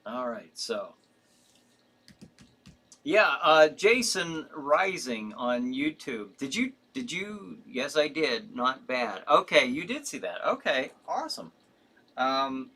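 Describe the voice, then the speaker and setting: A man's voice: a little high, very animated, measured pace, sharp tone, husky. A man hosting a casual live stream, reading viewer comments aloud and answering them in a rambling way with fillers and restarts. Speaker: host.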